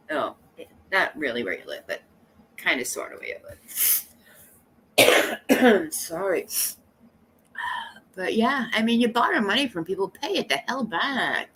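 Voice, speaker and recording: A woman's voice: medium pitch, big pitch swings, slow, long pauses, fairly bright tone, husky. A woman live streamer chatting casually with her viewers, rambling and blunt, coughing now and then from allergies. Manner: rambling, blunt and gossipy, talking straight to chat.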